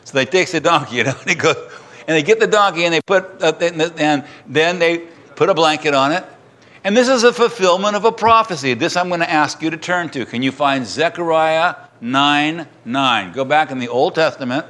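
A man's voice: on the high side, moderate pace, pushed and bright. A man preaching a sermon, reading scripture aloud and retelling it in casual everyday words.

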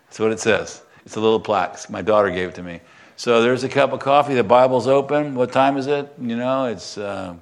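Older guy pastor preaching in church, earnest, goes soft and hushed when he prays. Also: mid-range voice. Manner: earnest, drops to a soft hush when praying. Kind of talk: sermon and spoken prayer.

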